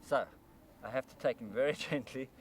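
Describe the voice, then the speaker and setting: A man's voice: mid-range voice, fairly quick, a little hiss or hum. A man presenting a wildlife documentary outdoors by rice paddies, explaining and exclaiming with enthusiasm.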